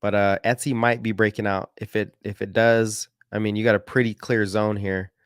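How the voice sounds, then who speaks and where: A man's voice: on the low side, little pitch movement, moderate pace, smooth, no echo, clean studio sound. A man hosting casual market commentary, rambling and correcting himself as he goes through stock charts with slangy asides. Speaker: market analysis host.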